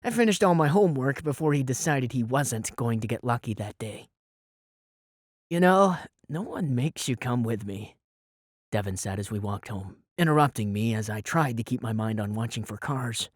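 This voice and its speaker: A man's voice: mid-range voice, brisk, hardly any pauses, no room sound. A man narrating a first-person audiobook in a wry, sarcastic storytelling manner, on a close studio mic.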